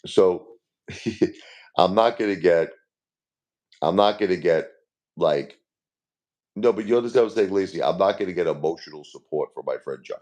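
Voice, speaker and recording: A man's voice: low-pitched, moderate pace, pauses often, darkish tone. A grieving man in his forties, talking casually to his live-stream viewers. He repeats himself and speaks to viewers by name. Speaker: livestream host.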